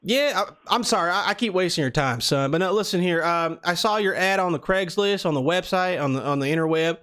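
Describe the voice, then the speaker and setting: A man's voice: high voice, expressive, fairly quick, fairly bright tone. A man putting on a Southern accent as a rambling, folksy family man in an improvised prank call. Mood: friendly, folksy. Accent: put-on American Southern. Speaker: prank caller.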